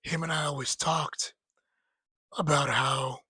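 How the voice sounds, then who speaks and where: Slow and slightly rough, his voice a little high, a man in his thirties casually reminisces about a late friend, rambling, laughing and at times tearful while voicing the friend's lines with energy. It's a dry, poor-quality recording.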